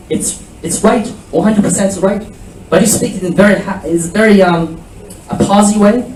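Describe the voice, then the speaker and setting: Guy giving a seminar talk, kinda high voice, far from the mic in a roomy hall, drills french phrases. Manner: animated lecturing, mixing French phrases and drills. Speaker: school principal giving a seminar. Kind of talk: seminar talk to prospective students. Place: presentation room. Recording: echoey room, voice from afar, faint background hum.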